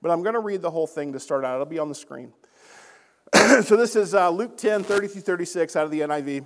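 A man's voice: fairly high pitch, quick pace, big-room sound. A man teaching a church Bible lesson in a conversational way, often checking in with the class and reading scripture aloud.

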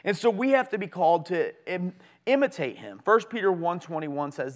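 A middle-aged man preaching a sermon as pastor, earnest and conversational, with lively swings in pitch and loudness. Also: normal speed.

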